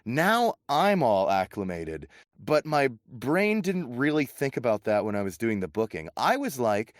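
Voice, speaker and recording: A man's voice: mid-range voice, a little slow, no room sound, studio quality. A man from the United States, a voice actor guest chatting casually on a podcast, telling stories with lots of laughter. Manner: laughing, animated storyteller.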